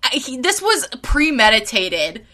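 A woman's voice: sits high, big pitch swings, a little slow, pushed and bright, no room sound. A woman co-hosting a podcast in casual chat, rambling and self-conscious, often giggling. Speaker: podcast co-host.

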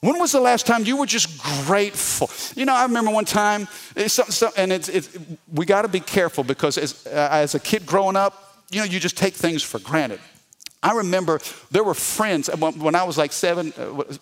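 A man preaching a sermon as pastor, talking in an animated, conversational way and often repeating his words. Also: sits high, fairly quick.

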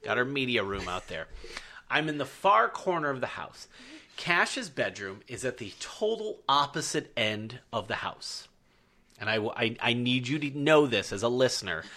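Swearing, animated podcast host with bright voice. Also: male voice, mid-range voice, normal speed. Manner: profane, animated, emphatic storytelling. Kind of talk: casual storytelling chat.

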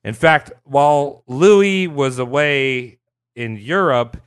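A man hosting a casual podcast chat, telling a story in an animated, profane way and acting out quotes. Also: medium pitch, slow, smooth. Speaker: podcast host.

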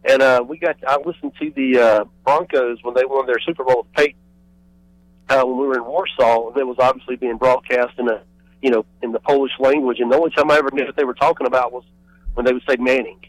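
A man's voice: medium pitch, steady tone, quick pace, no echo, low-quality recording. Male caller, rambling, lots of fillers, casual, dry phone sound. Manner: hesitant, rambling with many fillers. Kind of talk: casual call-in chat.

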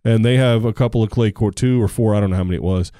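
A man coaching a tennis team, talking casually as a podcast co-host, rambling with restarts and getting animated when excited. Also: lowish voice, rapid-fire, dry recording, clean studio sound. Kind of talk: casual chat.

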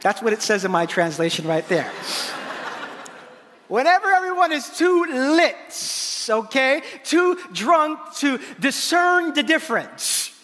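A male pastor preaching a sermon in an animated, playful way, acting out the lines he quotes. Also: extremely high pitch, slow, slight background noise. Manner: animated, playful preaching with laughs and voiced asides. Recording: long hall reverb.

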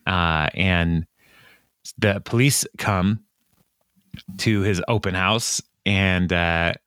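Low-voiced male co-host, chatty and giggly, close dry sound. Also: extremely slow, fairly bright tone, clear, resonant tone, dry recording. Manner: laughs often, acts out lines in a raised voice. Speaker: podcast co-host. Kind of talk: casual chat recapping a TV episode.

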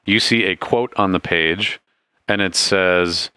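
Game master, man, deep and resonant, easygoing storyteller. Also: takes it slowly, smooth, no room sound. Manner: relaxed, laughs often, loose storytelling. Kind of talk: narrating a tabletop game.

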